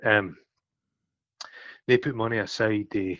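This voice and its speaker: A man from Scotland with a Scottish accent, ill and out of breath, chatting excitably and swearing freely as a podcast co-host on a phone call. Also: on the low side, takes it slowly, no room sound. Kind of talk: casual chat on a phone call.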